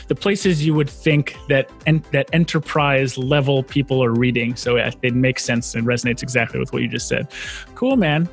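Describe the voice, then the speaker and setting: A man hosting a podcast, talking in an enthusiastic, laid-back way and calling his guest "man" and "dude". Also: medium pitch. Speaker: podcast host. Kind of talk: casual interview chat.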